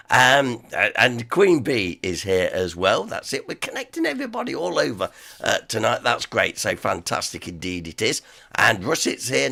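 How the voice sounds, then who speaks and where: A hoarse man with an East Midlands accent chats through a live stream, his voice gravelly and full of fry from a dry, sore throat. His tone stays bright and forceful, and he rambles along cheerfully, greeting his viewers one after another. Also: on the low side. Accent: East Midlands English. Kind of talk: casual live stream chat.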